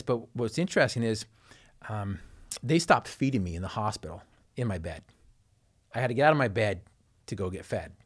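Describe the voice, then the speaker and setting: Male motivational speaker, mid-pitched voice, earnest storytelling with dramatic pauses. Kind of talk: personal storytelling.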